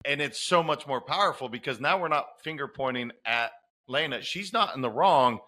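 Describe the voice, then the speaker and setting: A man hosts a conversational podcast with a bright, forceful tone. He talks with eager enthusiasm, backing up his guest and working through ideas aloud with quick restarts. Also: medium pitch, lively intonation. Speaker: podcast host.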